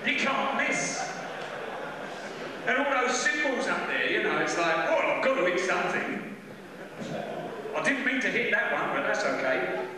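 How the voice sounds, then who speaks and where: A man's voice: high voice, moderate pace. A middle-aged Englishman chatting in a rambling, jokey way to a live audience at a drum clinic. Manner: rambling, jokey, animated storytelling. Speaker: drummer giving a clinic. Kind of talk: chatty stage talk to an audience. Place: large hall with live audience. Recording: echoey hall recording from far off, crowd noise.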